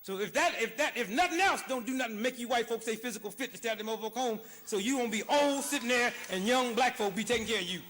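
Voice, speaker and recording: A man giving an impassioned, sarcastic lecture, swinging between shouting and hushed asides. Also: very high-pitched, fast talker, hardly any pauses. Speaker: public speaker. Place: lecture hall.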